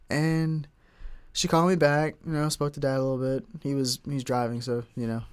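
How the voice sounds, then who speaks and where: A young man talks alone on his podcast in a loose, rambling way, full of slang and asides. His voice sits at an ordinary middle pitch, and he drifts from one thought to the next without hurry. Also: fast talker, smooth. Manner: rambling, relaxed slang-filled talk. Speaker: podcast host. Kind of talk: casual solo podcast talk.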